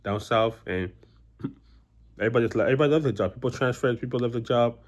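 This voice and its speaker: A young man talking straight to his audience in a loose, rambling vlog. He rattles along at a quick clip, circling back with restarts and filler words. His voice sits at an ordinary middle pitch. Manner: rambling, many restarts and "you know" fillers. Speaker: vlogger. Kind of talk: casual personal storytelling to camera.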